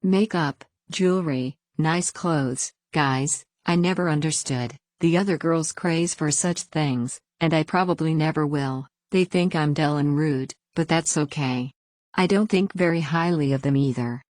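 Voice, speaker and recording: Female story reader, very low voice, dry close sound, plain even first-person narration. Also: a little slow, no echo.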